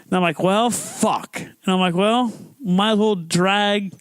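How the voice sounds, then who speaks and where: A young man hosting a podcast, telling a story in a casual, profane, animated way, acting out quotes. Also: sits high, unhurried, clear, resonant tone, dry recording. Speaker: podcast host.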